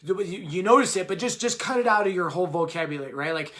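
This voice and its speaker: A man's voice: sits high, quick pace, a bit bright. A man co-hosting a live video chat, talking casually and rambling, full of "like" and "right?". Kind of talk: casual live-stream talk.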